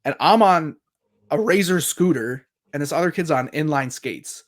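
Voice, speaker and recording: Speaking at a normal speed in a slightly high voice, this thirtysomething podcast co-host recounts a story in a relaxed way. He stays lively, curses without holding back, and performs the other characters' lines himself.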